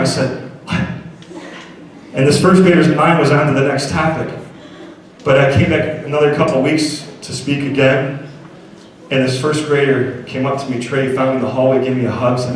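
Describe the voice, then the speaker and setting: A man gives a motivational storytelling talk at a school assembly, earnestly asking the young audience to agree with him. He speaks at normal speed with a medium pitch and fairly even intonation, over a little hiss or hum. The recording is distant and very echoey, as in a large hall.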